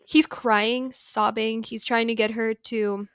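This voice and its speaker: A woman's voice: fairly high pitch, flat delivery, slow pace, a bit bright, clear, resonant tone, dry recording. A young woman co-hosting a podcast, recapping a novel in casual chat with lots of "like" and emphatic asides. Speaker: podcast co-host. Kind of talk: casual book discussion.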